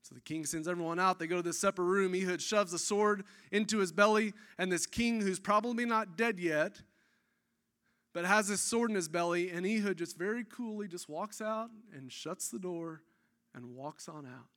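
A man preaching a sermon, telling a scripture story in an animated, excitable way with casual asides. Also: sits high, moderate pace.

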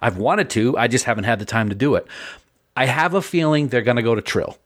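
A man's voice: medium pitch, fairly quick. A man co-hosting a podcast, talking in an earnest, enthusiastic way. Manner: enthusiastic, earnest fan praise. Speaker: podcast co-host. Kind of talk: casual podcast chat.

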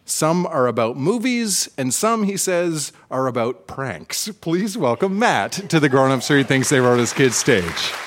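A man's voice: mid-range voice, sing-song, a little slow, few pauses, slight background noise. A Canadian man hosts the show and narrates scripted introductions of the readers. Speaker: podcast host.

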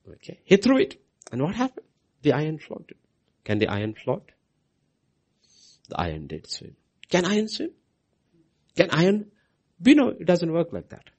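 A man preaching a sermon, swinging from loud proclamations to hushed, near-whispered lines and repeating key phrases for emphasis. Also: medium pitch, breathy edge.

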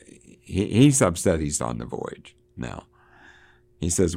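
A man's voice: a bass voice, sing-song, takes it slowly, gravelly, dark tone. A man in a casual book discussion who reads passages aloud with lifted emphasis and laughs often.

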